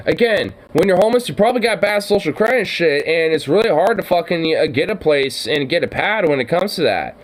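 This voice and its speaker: A man with a somewhat high voice rants in exasperation while reacting to a video. His talk is casual and full of swearing. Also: animated, fairly quick, few pauses, rough recording. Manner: exasperated, ranting, swears a lot. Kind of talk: casual profane reaction commentary.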